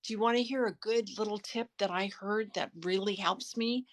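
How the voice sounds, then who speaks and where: A woman's voice: medium pitch, fairly even intonation, dry recording. A woman, an author co-hosting a casual live stream, sharing advice earnestly with frequent restarts. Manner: earnest, shares tips, halting restarts. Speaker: author and co-host. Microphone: phone.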